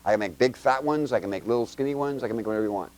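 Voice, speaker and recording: A man teaching the Bible to a mixed room of adults and kids in a loose, conversational way. He keeps quizzing the listeners with rapid questions and jokes between homespun examples, in a middle-pitched voice. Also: darkish tone. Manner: quizzes the audience with quick questions; chatty and joking, with homespun examples. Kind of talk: informal Bible teaching to a congregation with children.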